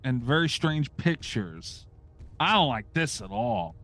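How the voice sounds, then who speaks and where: A man's voice: mid-range voice, expressive, measured pace, fairly bright tone, faint music behind. A middle-aged man hosting a podcast, chatting casually, ranting sarcastically and swearing freely. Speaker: podcast host.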